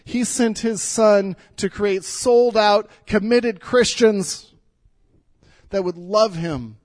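A man's voice: high voice, takes it slowly, darkish tone, no room sound. A middle-aged male pastor giving an earnest, pleading sermon in church, often repeating words as he speaks.

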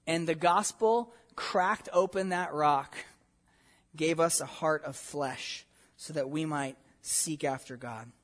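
A man's voice: a little high, slow pace. A man preaching a sermon as pastor, earnest and emphatic, posing rhetorical questions to his congregation.

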